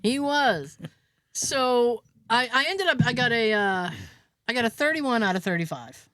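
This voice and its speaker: A woman co-hosting a podcast tells a story in casual chat at a measured pace, with no echo. She's animated, acting out quotes with big pitch jumps and laughing often.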